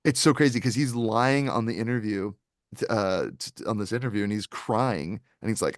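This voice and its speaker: A man's voice: on the low side, brisk, no room sound, clean studio sound. A man co-hosting a movie review podcast, telling long stories in casual chat with many fillers and restarts. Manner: rambling, animated storytelling with frequent fillers. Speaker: podcast co-host.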